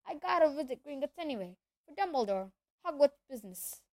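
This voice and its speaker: A big, hearty giant of a man, loud and blunt in his speech, with a highish voice, as a woman reader puts him on. He sounds dry and close, with nothing in the room around him. The voice stays friendly and plain-spoken throughout. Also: sing-song, fairly quick, no room sound. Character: huge friendly bearded giant man, gruff. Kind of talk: audiobook character voice.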